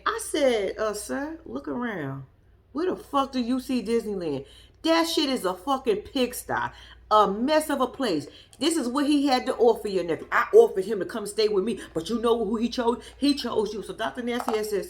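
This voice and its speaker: A woman's voice: fairly high pitch, animated, normal speed. A woman giving blunt, profane reaction commentary on a reality show, talking straight at the people in it with sass and disbelief. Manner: blunt, profane, sassy, argues at the people she discusses. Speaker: show reviewer.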